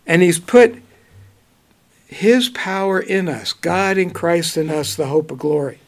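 A man preaching a Bible study, reading verses slowly and then commenting in a relaxed, conversational way. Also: fairly high pitch. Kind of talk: bible teaching.

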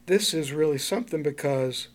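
A man's voice: fairly high pitch, normal speed. A man teaching the Bible to a small group in an informal, conversational way, reading King James verses aloud and asking the listeners questions. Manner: conversational, asks the group questions and laughs often; reads scripture aloud in King James wording.

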